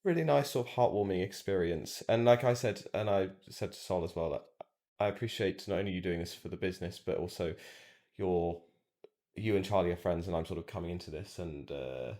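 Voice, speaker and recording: A man's voice: low voice, fairly quick, dark tone. A young man co-hosting a podcast, talking in a reflective, hesitant way with many fillers. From England. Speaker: podcast co-host. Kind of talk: casual chat.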